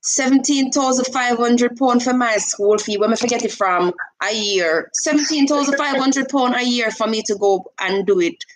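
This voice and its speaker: A woman hosts a casual live stream, talking to a caller in an animated, coaxing way. She slips easily into patois phrasing between plain advice. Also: fairly high pitch, moderate pace, few pauses, low-quality recording.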